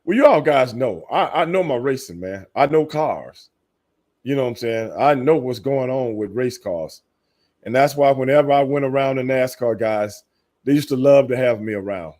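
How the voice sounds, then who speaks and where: A middle-aged man with a Texan accent, hosting a casual podcast chat and telling stories with lots of laughter and sudden excited high bursts. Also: normal speed. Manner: animated storyteller, laughs often, jumps into high excited bursts. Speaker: podcast host.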